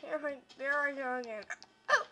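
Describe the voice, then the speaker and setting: A woman giving casual gameplay commentary while she keeps hiccuping, talking in halting, self-interrupting bursts. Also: high-pitched, very noisy.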